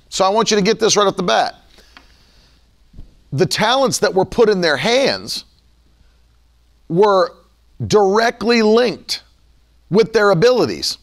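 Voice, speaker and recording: Animated, gravelly-voiced male preacher. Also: high-pitched, measured pace, long pauses. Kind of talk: sermon.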